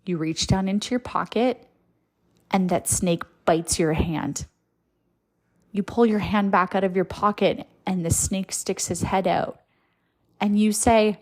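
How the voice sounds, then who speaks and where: A woman's voice: mid-range voice, a little slow, long pauses, a little mellow. A woman hosting her own podcast, telling a story in a chatty, conversational way. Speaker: podcast host and farmer. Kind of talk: casual storytelling monologue.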